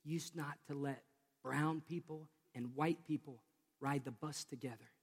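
A man voicing an earnest young schoolboy in a soft, murmured voice. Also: on the high side, fairly even intonation, unhurried, slightly rough, in a large hall. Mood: hushed earnest. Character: hushed little schoolboy, earnest.

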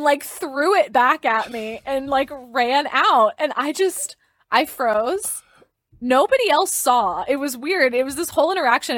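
A young woman with a fairly high voice tells a personal story as a podcast guest. She is chatty and expressive, laughs often, and leans on "like" and "um". The recording is close and dry. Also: dry recording.

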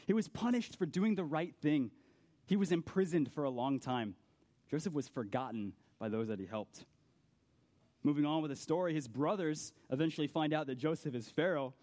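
A man's voice: fairly high pitch, darkish tone. A man preaching a youth sermon in an earnest, conversational way. He keeps calling his listeners "guys" and asks them rhetorical questions.

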